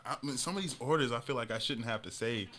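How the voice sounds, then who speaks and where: A man's voice: medium pitch, quick pace, fairly bright tone. A young man co-hosting a podcast, telling jokey stories with a lot of laughter in casual chat. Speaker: podcast co-host.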